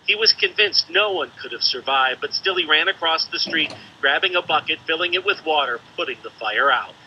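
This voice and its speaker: A male television reporter narrating a news story in a crisp, measured reporting cadence. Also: fairly high pitch, lively intonation, pushed and bright, a little hiss or hum. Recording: dull broadcast news audio.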